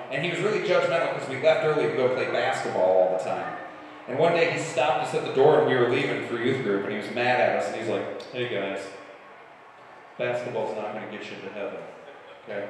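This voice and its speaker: A man's voice: medium pitch, distant mic, slight background noise. A male stand-up comedian telling rambling, irreverent stories on a live comedy club stage. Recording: echoey hall, room mic from afar.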